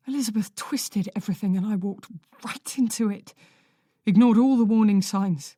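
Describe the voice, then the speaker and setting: Woman narrating an audiobook, close mic, super dry sound, anxious but steady. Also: medium pitch, normal speed, no echo. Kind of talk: first-person audiobook narration.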